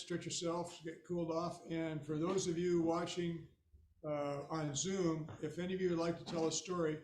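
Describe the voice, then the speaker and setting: A man hosting a storytelling evening, making relaxed, casual announcements, recorded in an echoey room with faint noise. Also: on the high side. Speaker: event host.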